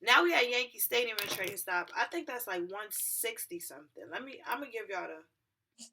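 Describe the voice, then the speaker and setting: A woman's voice: a little high, normal speed, a little hiss or hum. A young woman telling a story to her viewers in a casual vlog, acting out each person she met. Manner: animated, acts out every character in the story. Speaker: vlogger.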